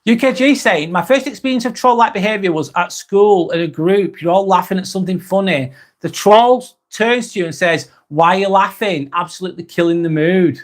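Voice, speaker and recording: Speaking quickly in a high voice, this man runs a live vlog where he chats loosely and reads out comments from viewers. His tone is laid-back and chatty, full of ums and the odd casual curse.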